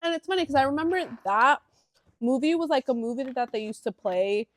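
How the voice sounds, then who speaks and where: A young woman with a high voice chats on a podcast with her brother. She is giggly and casual, and her voice sounds dry and close to the mic. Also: expressive, fairly quick, a bit bright, dry recording. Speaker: podcast co-host. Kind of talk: casual chat.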